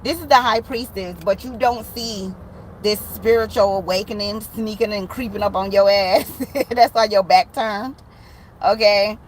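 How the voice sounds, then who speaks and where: A woman giving a casual tarot reading, animated and slangy, swearing and laughing often. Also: mid-range voice, slight background noise, low-quality recording. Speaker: tarot reader.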